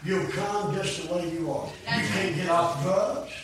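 An older man preaching a fiery sermon about his own life, swinging from shouted peaks to low, quiet asides in a folksy, plain-spoken way. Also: steady tone, unhurried, crowd noise. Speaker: preacher giving his testimony. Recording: echoey room, voice from a distance.

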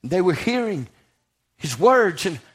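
A man's voice: high voice, very animated, slow, slightly rough. A man preaching a sermon in a church, rising to fervent passages and putting questions to his congregation.

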